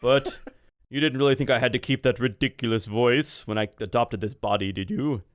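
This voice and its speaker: A man voicing a cryptic, ageless male being in an adopted body, who asks slow, probing questions in a tabletop game. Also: mid-range voice, no echo, studio quality, natural voice.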